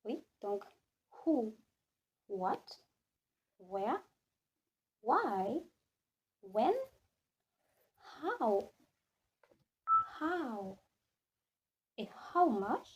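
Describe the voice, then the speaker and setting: A woman teaching French in a classroom, slowly repeating each word again and again and switching between English and French. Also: a little high, big pitch swings, a little mellow, slight background noise. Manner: slow, repeats words many times, mixes English and French. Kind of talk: classroom lesson.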